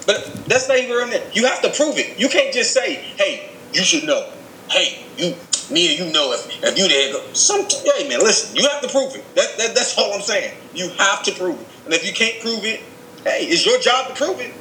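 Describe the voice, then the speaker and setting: Male sports podcast co-host, somewhat high voice, insistent debater, recorded in an echoey room. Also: very animated, brisk, pushed and bright, a little hiss or hum. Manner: insistent, repetitive arguing.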